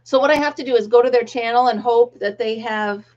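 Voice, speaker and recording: A woman's voice: on the high side, brisk, darkish tone. Chatty woman host, lo-fi stream. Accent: American. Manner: chatty, reads viewer comments aloud, laughs often. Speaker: livestream host. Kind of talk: casual live chat. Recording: dull lo-fi livestream audio.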